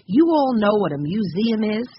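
A woman's voice: medium pitch, big pitch swings, normal speed, slightly rough. A woman voicing an enthusiastic older brother who leads the others with an encouraging manner, in a storybook reading. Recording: slightly muffled recording.

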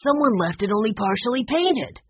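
A steady teenage boy speaking in a matter-of-fact way, slightly raised in pitch and a little husky, as a woman reads him aloud. He sounds like an older brother in a storybook. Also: brisk, no echo, highs cut off. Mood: puzzled.

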